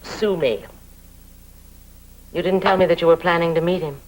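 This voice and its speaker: A woman's voice: lowish voice, normal speed, close to an everyday voice, rough recording. A middle-aged actress playing a skeptical, protective woman who speaks dryly and sardonically. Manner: dry, sardonic.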